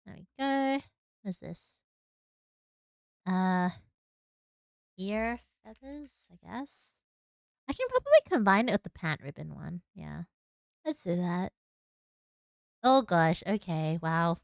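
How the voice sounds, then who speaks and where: A woman's voice: lowish voice, animated, slow, vocal fry, pauses often, no room sound, clean studio sound. A young woman with an Australian accent, chatting casually to her stream while she draws and giggling at herself. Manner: chatty, self-mocking, giggly asides. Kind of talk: casual chat while drawing.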